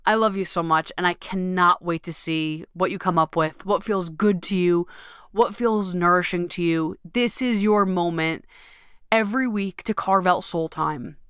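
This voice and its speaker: A woman hosting her own podcast in a casual solo talk, gushing and animated, acting out little inner voices and swearing casually. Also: fairly low pitch, clear, resonant tone, dry recording, clean studio sound. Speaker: podcast host.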